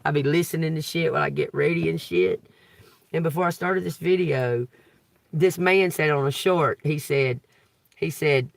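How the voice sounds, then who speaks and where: A tarot reader reads scripture on his livestream, then riffs loosely, repeating "okay?" often, and preaches emphatically while swearing and laughing. His fairly high, fairly bright voice is expressive, a little slow and creaky, captured in studio quality with no room sound.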